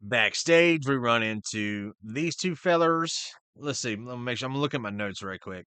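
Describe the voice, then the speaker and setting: Excitable man recapping wrestling, cursing. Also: mid-range voice, clean tone, dry recording. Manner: profane, excitable, retells scenes in quick voices. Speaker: podcast host.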